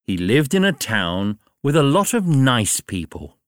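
A man reading a graded storybook for learners aloud, slowly and clearly. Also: no echo, studio quality. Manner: very slow, clear, highly expressive reading. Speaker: narrator. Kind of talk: graded reader storybook narration.

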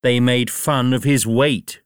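A man reading a graded storybook for learners aloud, slowly and clearly. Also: dry recording, clean studio sound. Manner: very slow, clear, highly expressive reading. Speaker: narrator. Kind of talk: graded reader storybook narration.

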